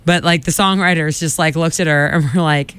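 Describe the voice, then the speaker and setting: Chatty man with a smooth, higher voice. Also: steady tone, brisk, a bit bright. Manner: chatty reactions, slangy and enthusiastic. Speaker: podcast co-host. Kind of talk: casual chat.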